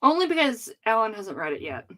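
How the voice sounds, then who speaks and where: A woman joins the chat with short, quick interjections. Her voice sits a little high, and she sounds set back a bit from the main mic. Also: very animated, bright, forceful tone. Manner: brief interjections. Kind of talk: casual chat.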